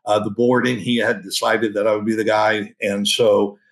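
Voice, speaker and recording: A man in his sixties, a senior pastor, telling a story in an interview, animated, chuckling and restarting often. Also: fairly low pitch, moderate pace, creaky, rough recording.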